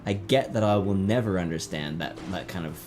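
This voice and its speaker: A man co-hosting a casual gaming chat, a little drunk, rambling, swearing and bursting into loud laughs. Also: low voice, a little fast, noisy background. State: tipsy. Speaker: let's play co-host.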